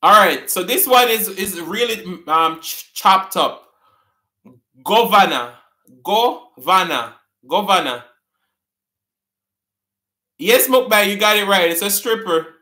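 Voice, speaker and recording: A man with a Jamaican accent hosting a live-stream trivia chat, repeating words slowly and laughing often with viewers. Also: high-pitched, bright, forceful tone, roomy sound. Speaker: host.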